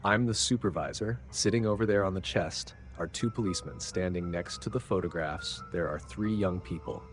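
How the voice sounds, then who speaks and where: A man's voice: low voice, moderate pace, faint music behind, close to an everyday voice. A man reads the part of an earnest, flustered male clerk who insists on being believed. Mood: insistent. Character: earnest, bewildered arrested bank clerk, a man.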